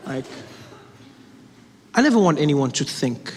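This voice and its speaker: Animated man on a live comedy stage. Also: medium pitch, a little fast, noisy background. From South Africa. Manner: animated, acting out characters. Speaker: stand-up comedian. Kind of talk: stand-up storytelling. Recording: theater with long reverb and audience.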